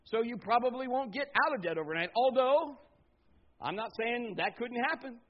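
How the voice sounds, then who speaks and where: High-voiced preaching pastor, man. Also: expressive, normal speed. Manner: dynamic preaching, swings from loud emphatic to low and quiet. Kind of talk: sermon. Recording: slightly dull lo-fi sound.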